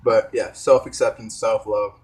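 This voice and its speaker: A man's voice: lowish voice, little pitch movement, a little slow, darkish tone. A young man vlogging in a rambling, hesitant casual monologue, talking while eating with his mouth full. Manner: hesitant, trailing off, many fillers.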